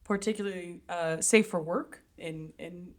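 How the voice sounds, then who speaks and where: A woman co-hosting a podcast in casual chat, wry and teasing, full of quick jokes. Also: lowish voice. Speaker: podcast co-host.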